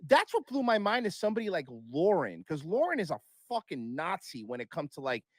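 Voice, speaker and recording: A man's voice: high-pitched, big pitch swings, a little fast, no echo. Blunt, profane man chatting. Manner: blunt, profane, rambling with restarts. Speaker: podcast guest. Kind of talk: casual chat.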